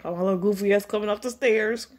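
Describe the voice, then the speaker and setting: A woman hosting a reaction video, commenting in a blunt, profane, casual way with loud exclamations. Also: mid-range voice, fairly even intonation, fast talker. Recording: noisy home recording.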